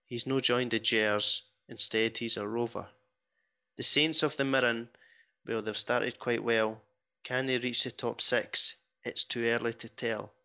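A man's voice: mid-range voice, steady tone, a little slow, creaky, sharp tone. A man hosting a football podcast, modest and self-deprecating, reading out a fan's poem. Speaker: podcast host. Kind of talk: casual podcast chat and reading a poem aloud. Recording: dull lo-fi podcast audio.

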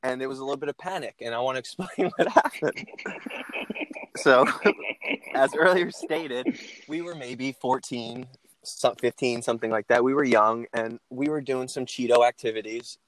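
A man's voice: mid-range voice, moderate pace, a bit bright. A man casually telling a funny story from his teens, often breaking into laughter.

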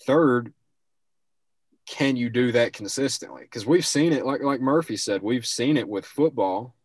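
A man's voice: medium pitch, a little slow, a little mellow, slightly rough, dry recording. A young man co-hosting a casual sports talk show, giving rambling, opinionated takes and restarting his sentences often.

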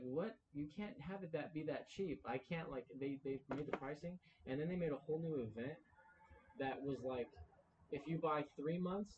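A young man rattles through an anecdote at a quick clip, full of "like" and acted-out quotes. His voice comes through a dull lo-fi mic with faint hiss behind it, in a loose podcast chat. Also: medium pitch, a little mellow. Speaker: podcast co-host. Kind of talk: casual storytelling chat.

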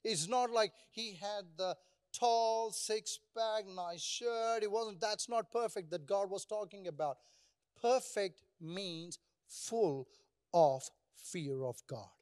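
A man's voice: high-pitched, slow pace, a little mellow, clear, resonant tone. A male pastor preaching a sermon, asking the congregation rhetorical questions and calling for responses.

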